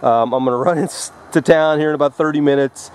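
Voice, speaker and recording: A man on a motorcycle trip explains a plan plainly while standing on a foggy roadside. His voice sits fairly high. Traffic noise is clearly heard around him. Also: fairly even intonation, a little fast. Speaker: motorcycle traveler. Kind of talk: casual outdoor vlog narration.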